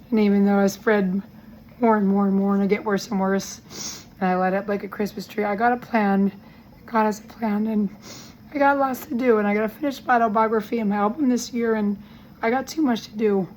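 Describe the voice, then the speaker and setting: A woman recording a personal update from a hospital room, talking in an earnest, rambling and halting way with a weak, strained voice that breaks with emotion. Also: mid-range voice, fairly even intonation, darkish tone, a little hiss or hum, rough recording. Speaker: vlogger giving a health update.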